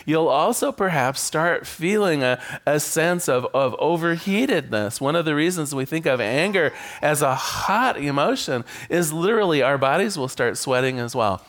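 A man's voice: on the high side, expressive, moderate pace, few pauses, a bit bright. A man giving a sermon as a minister, conversational and joking.

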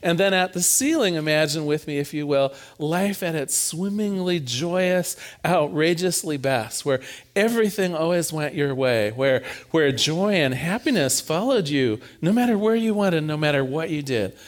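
A man preaching a conversational sermon, animated and informal, often repeating words as he builds a point. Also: on the high side, normal speed.

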